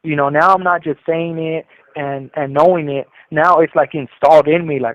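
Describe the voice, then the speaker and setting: A man talks through a tinny, phone-thin line, his voice sitting a bit high and the sound dry and close. He rambles through his story in casual street slang, stopping for fillers and restarts. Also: steady tone, normal speed, no room sound. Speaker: caller telling his prison story.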